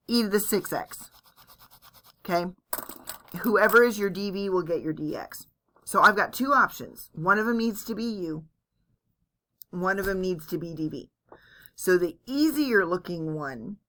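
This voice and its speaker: A woman's voice: lowish voice, pushed and bright. A woman teaching calculus in a recorded lecture, chatty and self-deprecating as she walks through each step aloud. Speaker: math teacher.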